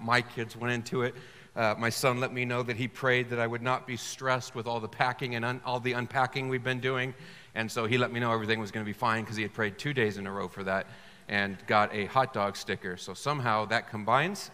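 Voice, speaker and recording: A man preaching a sermon as pastor, telling stories in a relaxed, joking way before reading scripture aloud. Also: medium pitch, clean tone. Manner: conversational, jokey storytelling. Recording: long hall reverb.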